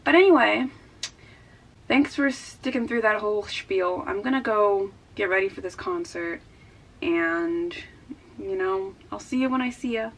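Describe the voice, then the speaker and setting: A young woman talking casually in a book vlog, chatty and rambling and quick to laugh. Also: mid-range voice. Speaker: book vlogger. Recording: distant mic with background noise.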